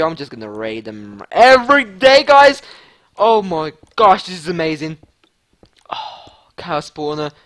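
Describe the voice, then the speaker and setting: A man giving excited gameplay commentary as a channel host, stammering and swinging between shouts and whispers. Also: on the high side.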